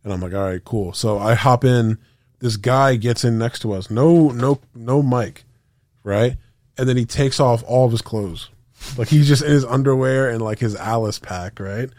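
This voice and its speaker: Man, podcast host, casual rambling story, profane, acts out quotes, mid-pitched, dry close sound. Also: moderate pace, darkish tone, dry recording.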